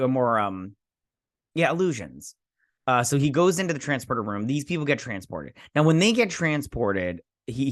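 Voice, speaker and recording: A man giving a casual, rambling recap of a TV episode, chatty, with halting restarts. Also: mid-range voice, a bit bright. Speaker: show recap vlogger.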